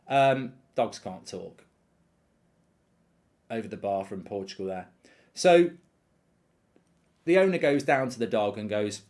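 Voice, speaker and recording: A man's voice: fairly low pitch, animated, unhurried, darkish tone. A man hosting a live football watchalong, ranting animatedly and swearing freely while telling an anecdote. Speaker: host.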